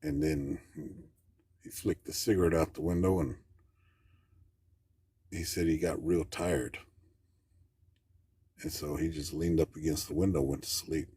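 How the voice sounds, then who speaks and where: A man with an extremely deep, husky voice tells a story as a caller. His talk is plainspoken and rambling, with folksy grammar. The sound is close and dry. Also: fairly even intonation, measured pace, long pauses, mellow, no echo. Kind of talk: casual storytelling.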